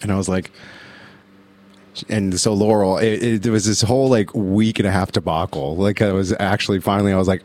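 A man with a very deep voice tells long, rambling stories over a radio studio microphone. He drifts from one story to the next and acts out everyone's lines as he goes. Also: steady tone, fairly quick, darkish tone. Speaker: radio guest. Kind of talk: casual chat.

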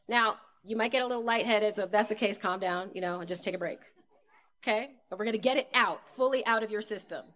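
A woman's voice: mid-range voice, fast talker, a bit bright. Casual woman leading a breathing class. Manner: casual, encouraging, counts aloud. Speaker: breathwork instructor. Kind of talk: live guided breathing workshop.

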